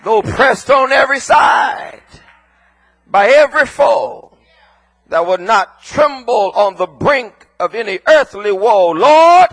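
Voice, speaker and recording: Male preacher, very high gravelly voice, slow deliberate delivery, shouted sing-song sermon with repeated phrases. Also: lively intonation. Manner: drops to near whispers for emphasis.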